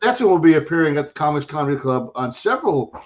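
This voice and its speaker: A man runs a loose interview with blunt jokes and casual swearing. His voice sits fairly high. The recording sounds muffled and lo-fi. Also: very animated, fast. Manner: blunt, joking, swears freely. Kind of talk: casual chat.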